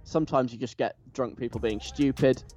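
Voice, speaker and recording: A man's voice: mid-range voice, steady tone, brisk, darkish tone. A man hosting a radio show, chatty and enthusiastic. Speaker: radio host. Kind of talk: casual radio chat. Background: faint music.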